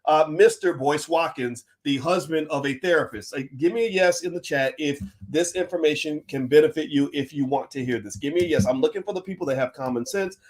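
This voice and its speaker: A middle-aged man from the United States, hosting a livestream as a finance professor, talking in an emphatic, animated way that swings between loud and quiet. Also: mid-range voice. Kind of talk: livestream commentary.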